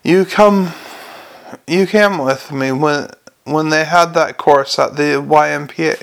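A man's voice: a little high, slow, creaky, fairly bright tone, exaggerated voice. A man voicing an earnest young male watch officer who explains things patiently and carefully. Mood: explaining.

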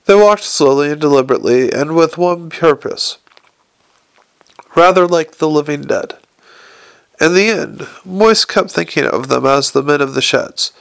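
A man narrating an audiobook with a dry, wry delivery. His voice is slightly high with a gravelly texture, recorded close in a dead, dry booth. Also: unhurried, no room sound, low-quality recording.

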